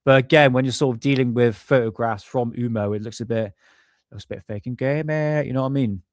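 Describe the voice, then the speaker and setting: A man's voice: mid-range voice, brisk, a little mellow, no echo, studio quality. Chatty, swearing British man host. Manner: chatty, swears often, laughs at himself. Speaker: livestream host. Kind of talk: casual live-stream chat. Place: home room.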